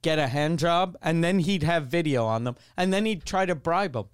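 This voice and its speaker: A man's voice: on the high side, moderate pace, smooth, dry recording, studio quality. A man hosting a casual comedy podcast, telling profane, laughing anecdotes. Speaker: podcast host. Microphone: studio microphone.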